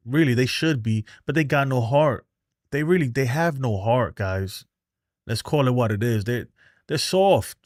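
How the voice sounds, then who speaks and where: A man hosting a baseball fan livestream, ranting with exasperation, plenty of swearing, and constant repetition. His voice sits at an ordinary male pitch. The sound is close and dry, with no room echo. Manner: exasperated, profane, repeats himself. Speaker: host of a baseball fan show. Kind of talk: heated fan rant on a livestream.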